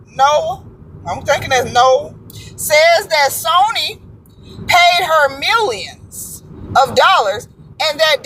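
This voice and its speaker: A woman vlogs from a moving car, offering casual, slangy, chatty commentary and stumbling over words whenever she reads something aloud. Her voice is high, pushed and bright, and the audio is poor with slight background noise.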